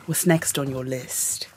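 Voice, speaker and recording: A man's voice: medium pitch, takes it slowly, heavy background noise. A man co-hosting a podcast in casual chat, laid-back and teasing. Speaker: podcast co-host.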